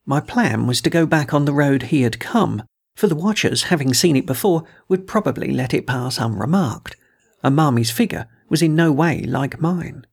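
A man narrating an adventure tale as an audiobook, in a measured, dramatic reading. His voice is gravelly and husky, sitting a little high for a man. He gives the spoken lines a touch of character. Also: lively intonation. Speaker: audiobook reader. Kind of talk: first-person storybook narration.

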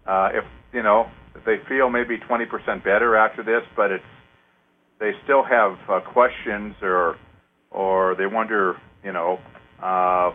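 A man hosting a casual radio talk, rambling with many fillers and counting aloud slowly to lead a clearing. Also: on the low side, fairly even intonation. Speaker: host leading an energy clearing. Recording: narrow phone-like radio sound.

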